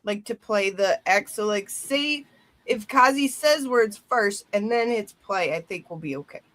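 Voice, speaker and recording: A woman's voice: mid-range voice, unhurried, fairly bright tone, no echo. A woman in a casual chat, chiming in with short agreeing remarks. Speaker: co-host.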